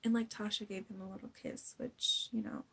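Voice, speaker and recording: A young woman recapping a TV episode in casual chat, chatty and gushing, jumping into a high voice to act out quotes. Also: little pitch movement, moderate pace, fairly bright tone, slightly rough, poor audio. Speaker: recap vlogger.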